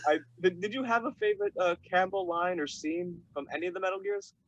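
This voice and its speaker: A young man hosts an interview, his voice a touch high and recorded dry and close. He gushes eagerly like a fan, his sentences full of "like" and "uh". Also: brisk, a bit bright, no room sound, dull audio. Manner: eager, fan-like, many fillers. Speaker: podcast host. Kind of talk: casual interview chat.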